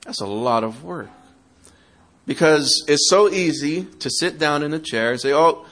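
Addressing parents in a sermon, this man speaks a little slowly in an animated, fairly bright voice on the high side. He quizzes the audience and mimics their excuses mockingly.

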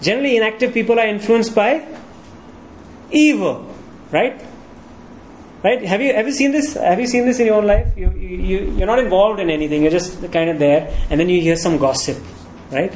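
A man's voice: high voice, normal speed, darkish tone, poor audio. A pastor preaching a sermon, walking his congregation through scripture with frequent rhetorical questions.

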